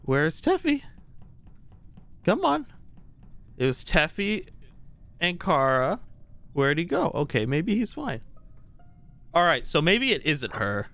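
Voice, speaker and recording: A man's voice: on the high side, sing-song, a little slow, long pauses, bright, forceful tone, faint music behind. A man streaming a game live, talking to his viewers and teammates in a playful, mock-boastful, chatty way.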